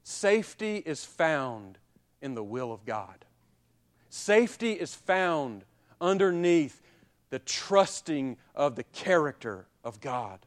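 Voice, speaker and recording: A man preaching a sermon, building to loud peaks and dropping low and quiet, with repeated rhetorical questions to the congregation. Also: sing-song, slow pace. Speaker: pastor.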